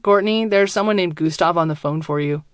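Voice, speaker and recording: A woman voicing a male shop coworker who speaks briskly and matter-of-factly. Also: on the low side, dry recording, clean studio sound, close to an everyday voice.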